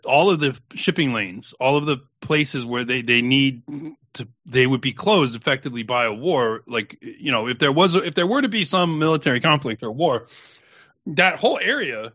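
Man, rambling, casual chat, bright voice, dry, muffled. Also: mid-range voice, lively intonation, moderate pace, no room sound. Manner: rambling, hedges with "I mean". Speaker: podcast co-host.

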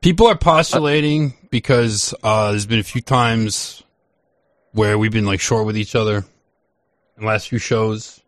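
A man's voice: on the low side, unhurried, no room sound. A man with a New York-area accent, co-hosting a podcast in casual banter, blunt and profane. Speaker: podcast co-host.

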